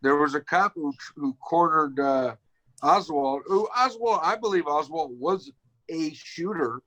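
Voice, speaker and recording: A man's voice: a little high, expressive, measured pace, a bit bright, low-quality recording. A man co-hosting a casual podcast, blunt and skeptical with plenty of swearing. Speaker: podcast co-host.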